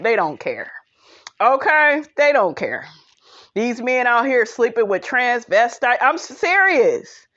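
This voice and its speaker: A woman hosts a casual podcast recap, sassy and gossipy, and speaks right to her audience. Her pitch swings widely as she talks, and her delivery is slow and drawn out. The sound is dull and lo-fi. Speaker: podcast host. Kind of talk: casual reality show recap.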